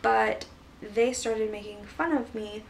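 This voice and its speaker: A woman's voice: on the high side, little pitch movement, takes it slowly, creaky. A woman vlogger casually retelling a personal story, rambling with lots of fillers. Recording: voice a bit far from mic, faint background hiss.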